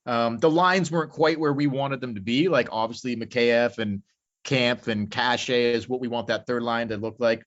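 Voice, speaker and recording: A man talks hockey in loose, unhurried podcast chat, rambling through thoughts and swearing freely. His voice sits in an ordinary middle register. The recording is somewhat dull and lo-fi. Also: medium pitch, steady tone, fairly bright tone. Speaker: podcast co-host. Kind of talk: casual sports chat. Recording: slightly dull lo-fi audio.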